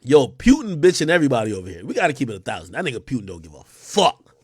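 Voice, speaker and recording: A man hosting an unscripted livestream, talking in an animated, profane way and mocking people with quick impressions. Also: mid-range voice, breathy edge, no room sound, studio quality. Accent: New York. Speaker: livestream host.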